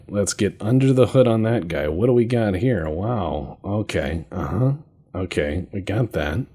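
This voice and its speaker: A man narrates his strategy game with dry sarcasm and offhand swearing. His voice sits low and gravelly with a husky edge, yet the pitch swings widely as he jokes. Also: a little mellow. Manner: joking, sarcastic, swears casually. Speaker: gaming channel host. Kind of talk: casual gameplay commentary.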